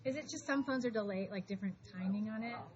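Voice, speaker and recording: Brisk woman teaching a math class. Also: mid-range voice, a crowd in the background. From Florida. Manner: brisk, shushing, calls for attention. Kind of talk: classroom lesson. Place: high school classroom. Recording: dull classroom recording with noise.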